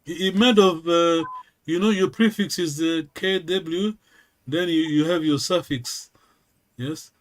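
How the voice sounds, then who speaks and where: A man who speaks natively, teaching a lesson over a video call, slow and patient, often checking in with a quick "yes?". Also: fairly high pitch. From Congo region, Kikongo-speaking village. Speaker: language teacher. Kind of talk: online language lesson.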